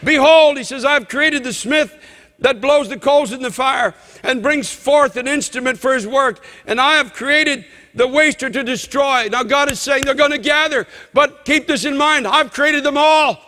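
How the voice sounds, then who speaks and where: A man preaching a fervent sermon as pastor, shouting and quoting scripture. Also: extremely high pitch, moderate pace, in a large hall.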